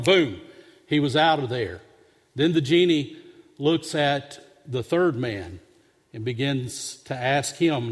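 A man's voice: fairly high pitch, animated, slow. A male pastor preaching a sermon, telling a humorous story with an earnest, conversational manner. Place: church sanctuary. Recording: long hall reverb.

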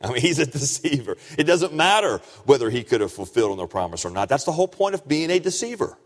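A man preaches a sermon, his voice swinging widely between low, hushed stretches and loud, high-pitched emphasis. The sound carries the long reverb of a large hall. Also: big pitch swings, quick pace.

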